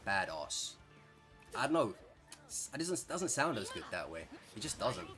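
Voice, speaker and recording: A young man with an English accent giving chatty, excitable gameplay commentary, rambling and correcting himself as he plays. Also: mid-range voice, normal speed, over music. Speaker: gaming streamer.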